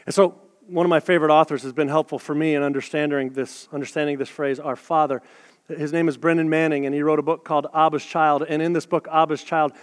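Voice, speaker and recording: A man with a rather high voice preaches to his congregation in a relaxed, talky way, tossing in joking asides. His words ring out with a long hall reverb, as in a church sanctuary. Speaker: pastor. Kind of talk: sermon.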